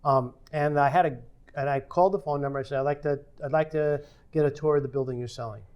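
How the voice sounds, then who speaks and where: A man's voice: fairly high pitch, fairly even intonation, quick pace, a little mellow. An older man telling a story from his working life in a podcast conversation, acting out the quoted dialogue as he goes. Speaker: podcast guest.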